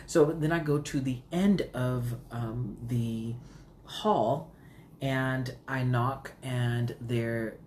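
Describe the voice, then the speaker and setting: A woman casually telling a storytime vlog, animated and full of fillers, with big pitch jumps when she quotes herself. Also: very slow, a little hiss or hum. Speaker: vlogger.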